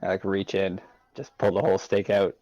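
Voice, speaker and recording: A man's voice: deep voice, completely flat delivery, a little fast, mellow, no room sound, highs cut off. A man playing a tabletop game who wryly describes what his character does. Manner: wry, narrates his actions. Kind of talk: in-character roleplay chat.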